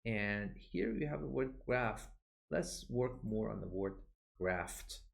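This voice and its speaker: A man teaching medical vocabulary in a recorded online lesson, explaining each term and repeating it slowly for pronunciation, with frequent "uh" fillers. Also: lowish voice, lively intonation, gravelly.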